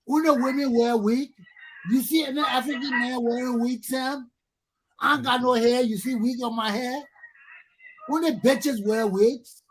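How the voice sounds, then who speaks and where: Talk show host, man from Liberia, husky voice, furious profane rant with rhetorical questions. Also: high-pitched. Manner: angry, profane, repeating himself, rhetorical questions.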